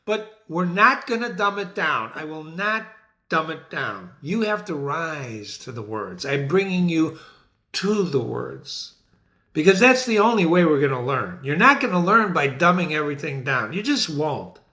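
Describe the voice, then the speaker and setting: A man's voice: a little high, unhurried. A middle-aged man hosting his own literature channel, talking to viewers with theatrical enthusiasm. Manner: animated, theatrical, addresses viewers as ladies and gentlemen. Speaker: literature teacher and website host. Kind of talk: enthusiastic talk to camera.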